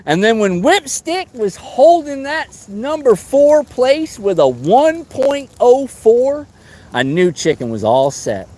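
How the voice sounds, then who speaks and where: A man hosting a live fishing stream, chatting casually and excitably, teasing friends and whooping. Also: very high voice, slow pace. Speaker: fishing livestream host.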